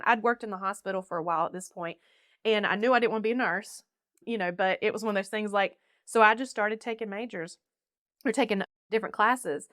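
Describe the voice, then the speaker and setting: A woman's voice: mid-range voice, brisk, dry recording, studio quality. A young woman from North Carolina, a podcast guest telling her life story and acting out the people in it. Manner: animated, laughing often, acting out quoted voices. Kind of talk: casual storytelling.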